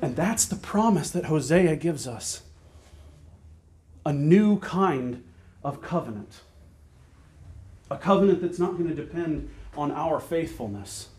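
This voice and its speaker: A man preaching a sermon, earnest and emphatic, repeating phrases and slowing down to stress key words. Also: a little high, expressive, a little mellow. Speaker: pastor.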